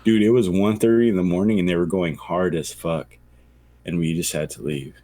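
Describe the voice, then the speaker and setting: Low-voiced man telling a rambling story. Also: moderate pace, no echo. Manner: rambling storyteller, animated quoted voices, swears freely. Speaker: podcast co-host. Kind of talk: casual chat.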